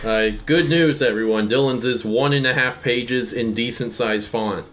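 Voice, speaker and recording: A man's voice: mid-range voice, normal speed, few pauses, fairly bright tone, faint music behind. A man hosting a podcast who reads a listener's story aloud in a dry, matter-of-fact way. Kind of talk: casual chat, reading submissions.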